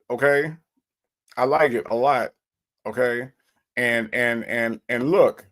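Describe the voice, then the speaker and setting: A man hosts a relaxed livestream and reads out viewers' comments one after another. He answers them with playful, mock-hurt banter. His pitch jumps up and down a lot as he talks. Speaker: livestream host. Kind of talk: casual livestream chat reading comments.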